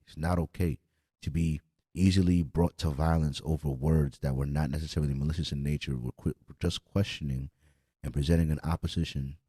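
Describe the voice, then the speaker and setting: A man's voice: very deep voice, dark tone, husky, no room sound, clean studio sound. A young man hosting a podcast in a casual, blunt and profane rant. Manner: blunt, profane, repetitive, heated. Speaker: podcast host.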